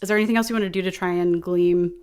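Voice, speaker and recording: A woman's voice: fairly low pitch, fairly even intonation, rapid-fire, darkish tone, smooth. A woman game master narrating a tabletop game in a casual, chatty, giggly way.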